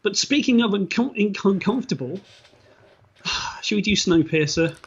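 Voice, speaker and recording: A man's voice: high voice, animated, moderate pace, husky. A man co-hosting a podcast in casual chat, wry and a little hesitant, often trailing off mid-sentence. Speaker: podcast co-host. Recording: dull lo-fi mic.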